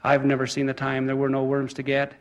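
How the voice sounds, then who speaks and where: A man reciting the words of a hardworking little red hen in a poem, soft and low-key, with a long hall reverb. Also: completely flat delivery, fairly quick, dull audio, natural voice. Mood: content.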